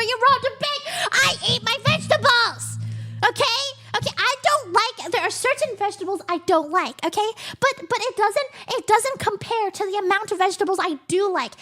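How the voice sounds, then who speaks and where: A woman's voice: very high voice, pushed and bright. A woman in her twenties streaming live, ranting to her chat in a rambling, dramatic, exasperated way and swearing freely. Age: 20s. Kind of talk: casual livestream rant to chat.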